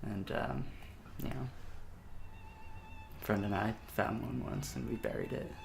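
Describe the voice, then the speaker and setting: A man's voice: medium pitch, fairly even intonation, a little slow, gravelly, over music. A man rambling in a mockumentary interview, filling his talk with "you know".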